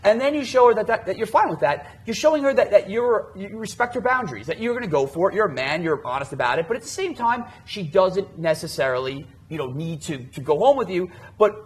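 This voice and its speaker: Fast, lively husky-voiced man. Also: high voice. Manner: animated storytelling with many filler words. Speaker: dating coach podcast co-host. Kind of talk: casual podcast chat.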